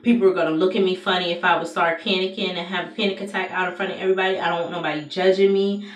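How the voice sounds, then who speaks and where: A young adult woman, soft-spoken and confiding as she tells a personal story to the camera, with many fillers. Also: on the low side, steady tone, racing, muffled recording. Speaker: vlogger. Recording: echoey room, far from mic.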